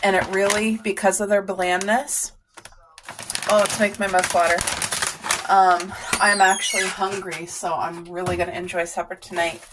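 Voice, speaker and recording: A woman's voice: mid-range voice, level tone, moderate pace, noisy background. Chatty middle-aged woman vlogging at home. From Canada. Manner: chatty, homey, apologetic asides. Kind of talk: casual home vlog.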